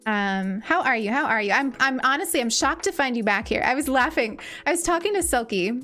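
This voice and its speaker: Gentle higher-voiced woman streamer. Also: expressive, fairly quick. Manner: gentle and affectionate, repeats greetings twice. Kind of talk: cozy casual chat while gaming. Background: faint game music.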